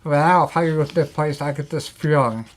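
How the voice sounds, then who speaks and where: Animated man telling paranormal stories. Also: on the high side, brisk, a little hiss or hum. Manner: animated storyteller, acts out quotes. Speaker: guest. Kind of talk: casual chat.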